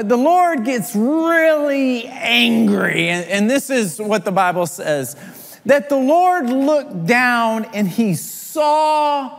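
High lively preacher guy, slow and drawn out, big hall reverb. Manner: animated storytelling preacher, voices quoted figures. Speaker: pastor. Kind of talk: sermon.

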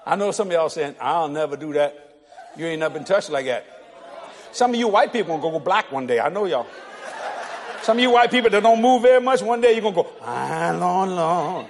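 A middle-aged preacher man with a high voice that leaps up and down. He tells funny stories from the pulpit, laughing often and acting out every character. A faint congregation and a little noise sit behind him in the church hall. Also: very animated, fast, a faint crowd. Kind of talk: humorous storytelling sermon.

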